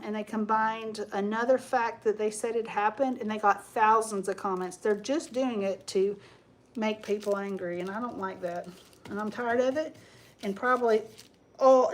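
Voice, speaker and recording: Chatty higher-voiced woman hosting a craft stream. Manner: rambling and chatty, reads viewer comments aloud. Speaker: craft livestream host. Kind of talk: casual live-stream chat while crafting.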